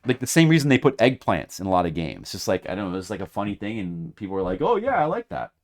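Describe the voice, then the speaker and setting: A man streaming a retro video game, talking to his audience in a mock-dramatic way that swings from loud hype to quiet muttering. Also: fairly low pitch, huge pitch swings, fast. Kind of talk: casual gameplay commentary. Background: video game music.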